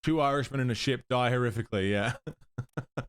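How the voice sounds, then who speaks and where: A man's voice: medium pitch, a little fast, clear, resonant tone, dry recording. A man streaming a puzzle game, thinking aloud, muttering guesses and swearing now and then. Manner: bursts of excited chat greeting viewers. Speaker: livestreamer playing a puzzle game. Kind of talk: live gameplay commentary.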